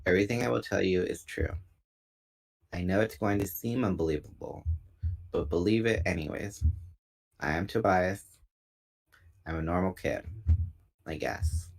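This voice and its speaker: A man reading a novel aloud in a relaxed, unpolished way, pausing now and then to correct a slip. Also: low-pitched, vocal fry. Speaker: book reader.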